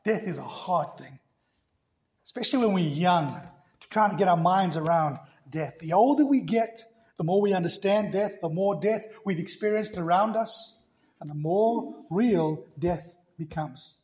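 A male pastor preaching a sermon emphatically, swinging between loud passages and hushed ones. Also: high voice, expressive, measured pace.

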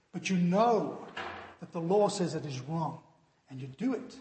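A man's voice: fairly high pitch, animated, a little slow, darkish tone. A man preaching a sermon earnestly, his voice sinking solemn on warnings, in a church hall. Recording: echoey hall.

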